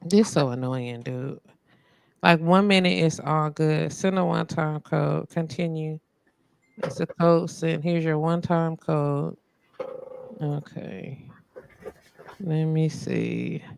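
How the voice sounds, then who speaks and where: Frustrated host with a gravelly voice. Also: female voice, low-pitched, fairly even intonation, slow, pauses often, darkish tone, dry recording. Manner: frustrated, muttering while fixing tech. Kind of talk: casual live-stream chat.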